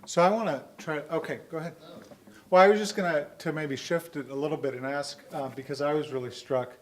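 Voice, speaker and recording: Halting man moderating a panel. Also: on the high side. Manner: hesitant, with restarts and repeated words.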